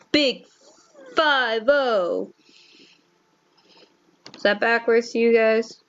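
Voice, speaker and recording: A woman's voice: on the high side, extremely slow, long pauses, fairly bright tone. Young female streamer, chatty and self-mocking, lo-fi headset sound. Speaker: game streamer. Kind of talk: casual let's-play commentary and reading.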